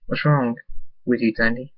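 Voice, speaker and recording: A man's voice: mid-range voice, steady tone, moderate pace, no echo, dull audio, lightly acted. A man doing a tearful, devoted stallion pony.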